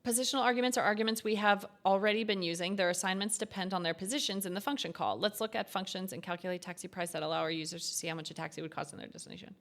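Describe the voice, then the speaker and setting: A woman's voice: medium pitch, steady tone, racing, hardly any pauses, a bit bright. Woman thinking aloud while coding. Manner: thinking aloud, reading code and lesson text half to herself. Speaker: streamer. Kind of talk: casual coding stream commentary.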